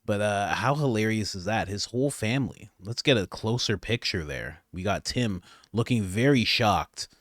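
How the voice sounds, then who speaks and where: A man hosting comedic political commentary, animated and laughing, jumping between loud exclamations and mumbled asides. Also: lowish voice, moderate pace, no room sound, studio quality. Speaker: commentary channel host.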